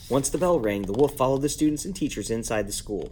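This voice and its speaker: Animated man reading a bedtime story. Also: a little fast, few pauses, slight background noise. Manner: animated, voices characters with higher pitch. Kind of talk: bedtime story read-aloud. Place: at home.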